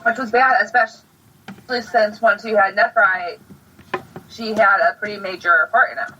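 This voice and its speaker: A woman co-hosting a casual fan podcast, chatty and hesitant, often pausing on fillers. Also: mid-range voice, steady tone, bright, forceful tone, a little hiss or hum. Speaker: podcast co-host. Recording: distant, dull lo-fi mic.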